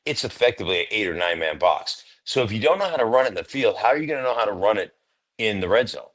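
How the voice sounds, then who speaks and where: A middle-aged man with a very low voice, a former player holding forth as an interview guest. He is emphatic and opinionated, and he acts out the voices of people he has argued with. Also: animated, racing, fairly bright tone. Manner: emphatic, opinionated storyteller who acts out quotes. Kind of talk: casual interview talk.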